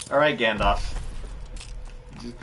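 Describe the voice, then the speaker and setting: A man in his thirties chats loosely while he plays, drifting from story to story and teasing himself. His voice sits at an ordinary middle pitch. A steady noisy hiss runs under the whole recording. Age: 30s. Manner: rambling, self-mocking, laughs often. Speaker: game streamer. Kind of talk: casual chat while gaming.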